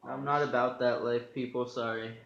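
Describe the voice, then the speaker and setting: A man making quiet, offhand remarks off to the side of a livestream. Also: medium pitch, level tone, normal speed, gravelly. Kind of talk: casual aside during livestream. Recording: echoey room, dull audio, background noise.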